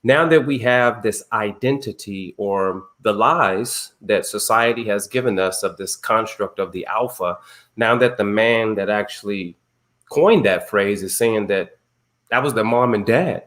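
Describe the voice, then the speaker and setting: A man's voice: fairly low pitch, unhurried, a bit bright. A man hosting an online men's circle on a video call, talking casually and emphatically with slang, telling personal stories. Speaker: circle host. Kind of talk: casual group talk.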